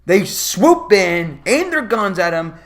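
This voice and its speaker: A man's voice: high-pitched, sing-song, slow pace, a bit bright. A man giving a profane, sarcastic commentary rant about a movie, sounding exasperated. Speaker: movie reviewer.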